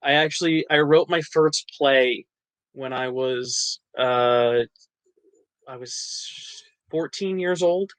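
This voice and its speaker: A man's voice: mid-range voice, takes it slowly, a bit bright, smooth, dry recording, poor audio. A man from New Jersey, an actor and writer, chatting as a podcast guest, laughing often and restarting his sentences. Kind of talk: casual interview chat.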